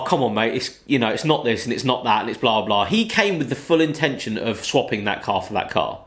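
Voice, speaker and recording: A man spinning a car-swap yarn in a relaxed, meandering way, forever slipping in "you know". His voice sits a touch higher than most men's. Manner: rambling, peppered with "you know". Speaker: car channel host. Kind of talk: casual storytelling.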